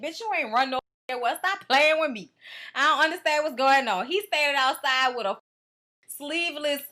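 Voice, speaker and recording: A woman reviewing a reality show rants through casual, profane commentary, blunt and animated. Her voice is high.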